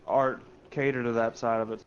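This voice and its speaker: A man with an ordinary mid-pitched voice chats casually on a gaming stream, often restarting his phrases and cursing in passing. A faint hiss sits behind his voice. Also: level tone, moderate pace, highs cut off. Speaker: livestream guest. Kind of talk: casual chat while gaming.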